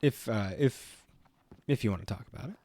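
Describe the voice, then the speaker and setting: A man's voice: mid-range voice, moderate pace, dark tone. Chatty man streaming a video game. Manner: chatty, rambling, easygoing. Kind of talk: casual let's play commentary.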